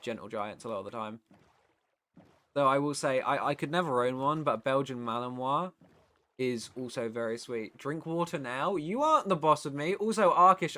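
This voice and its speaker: Reading chat messages aloud during a live stream, this UK streamer and voice actor rambles casually and lets slip the odd swear word. He speaks at medium pitch, bright and forceful, with no echo in the recording.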